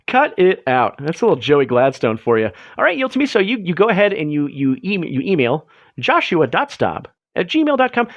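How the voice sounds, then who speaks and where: A man in his young adult years hosts a late-night livestream alone, riffing on chat messages with rambling, self-mocking jokes. His voice sits high and leaps up and down constantly. The sound is dry and close. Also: no room sound, muffled recording. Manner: rambling, self-mocking, jokey, swings his pitch up and down a lot. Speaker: livestream host.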